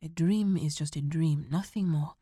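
A woman voicing a calm, steady ranger father who reassures his son, speaking in a soft, low, even manner. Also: moderate pace, breathy edge, no echo, studio quality. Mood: reassuring.

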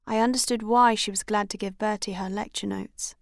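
A woman narrating a story, first-person audiobook reading with expressive delivery. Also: mid-range voice, fairly quick, creaky, no room sound, clean studio sound. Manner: expressive, voices each character. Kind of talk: scripted narration.

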